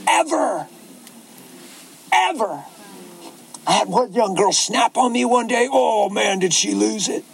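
A middle-aged male pastor preaching a sermon in an animated, folksy way, with asides to the crowd. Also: sits high, moderate pace, gravelly, few pauses, poor audio.

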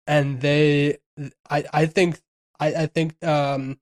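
A man's voice: fairly high pitch, level tone, slow pace. Rambling man chatting about a film. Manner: rambling, many restarts and fillers. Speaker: podcast co-host. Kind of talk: casual film discussion.

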